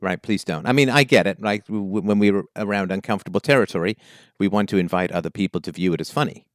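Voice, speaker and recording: A man's voice: deep voice, fast, no room sound, clean studio sound. A man hosting a call-in advice show, questioning a caller bluntly and emphatically. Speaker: call-in show host, philosopher.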